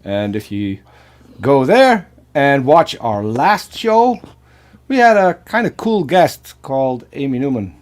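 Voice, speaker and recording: A man whose first language is Dutch chats on a casual podcast panel. He speaks haltingly, repeating words and filling pauses with "uh". His pitch sits mid-range for a man. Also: sing-song.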